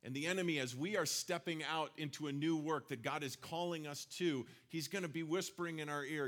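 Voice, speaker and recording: Male pastor, slightly high voice, relaxed conversational sermon with acted-out quotes. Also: a little fast, hardly any pauses.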